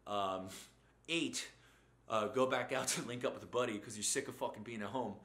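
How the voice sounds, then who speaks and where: A man's voice: mid-range voice, moderate pace, fairly bright tone, reverberant. A man hosting a profane motivational rant, blunt and mocking, swearing constantly as he lectures. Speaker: host.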